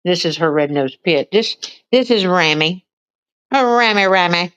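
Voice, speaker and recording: A woman livestream host rambles and chats casually with her viewers, switching to a high baby voice to coo at her pets. She speaks at a normal pace with a smooth, fairly bright tone. The phone-mic recording has no room sound but comes across muffled.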